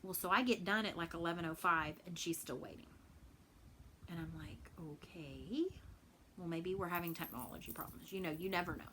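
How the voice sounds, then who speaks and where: A woman's voice: fairly low pitch, fairly quick, sharp tone, a little hiss or hum, low-quality recording. A woman from Texas in a casual home vlog, chatting and rambling with many fillers and repeated words. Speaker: cross stitch vlogger. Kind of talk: casual chat.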